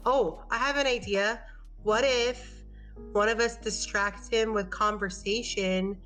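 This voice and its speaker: A woman playing in a tabletop game, chatting casually and eagerly pitching ideas. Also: steady tone, measured pace, fairly bright tone, poor audio. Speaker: player. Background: background music.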